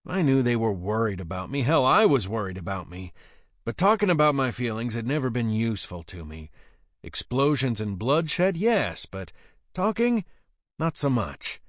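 A man's voice: medium pitch, big pitch swings, normal speed, fairly bright tone, dry recording, studio quality. A man reading an audiobook aloud, narrating with a wry, sardonic manner. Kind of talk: scripted narration.

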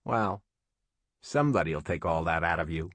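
A man's voice: low-pitched, animated, moderate pace, a bit bright, dry recording, heavily acted. A man voicing a weak, sneering young male tramp who taunts the newcomer.

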